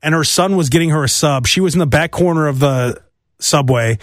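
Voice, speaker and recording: A man's voice: a little high, brisk, no echo, studio quality. A man hosting a solo comedic monologue, rambling through stories and mimicking voices. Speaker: podcast host.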